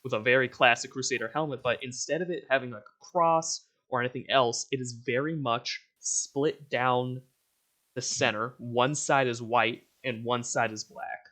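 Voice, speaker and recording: A young man narrating a tabletop game as game master, casual and relaxed, laughing easily. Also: medium pitch, normal speed.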